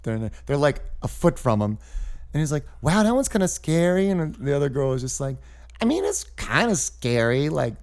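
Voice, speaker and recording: A man's voice: on the high side, fairly quick, clear, resonant tone. A man guesting as a comedian on a podcast, telling stories in casual chat and acting out voices and sound effects. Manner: animated storyteller doing voices and sound effects.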